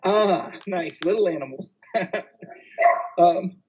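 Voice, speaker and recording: A male physician on a conference panel, telling travel anecdotes with frequent laughter and quick asides. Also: sits high, darkish tone, slightly rough, poor audio.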